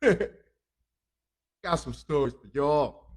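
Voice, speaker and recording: A man hosts a comic news podcast in a loose, rambling way, cracking jokes and cursing freely. His voice sits a bit higher than most men's. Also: lively intonation, drawn-out words. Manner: rambling, joking, laughs often, profane. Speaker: podcast host. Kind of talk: comic crime news talk.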